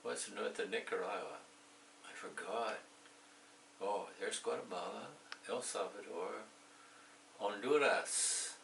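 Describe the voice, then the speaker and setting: A man with a gravelly, bright voice teaches English at a slow, patient pace. He explains each phrase in English and again in Spanish, with a playful touch. The sound is echoey and a little distant from the mic. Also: on the low side, a little hiss or hum. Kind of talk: slow bilingual lesson with jokes.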